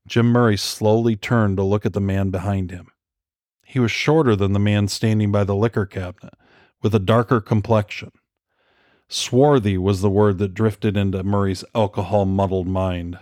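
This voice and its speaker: A man reading thriller narration in an even, measured way. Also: on the low side, dry recording, clean studio sound. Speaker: audiobook narrator.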